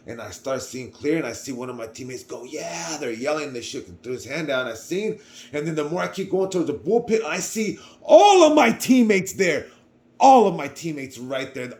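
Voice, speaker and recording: A young man telling a personal story in casual slang, animated, acting out other people's voices and often trailing off quietly. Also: fairly low pitch, slight background noise.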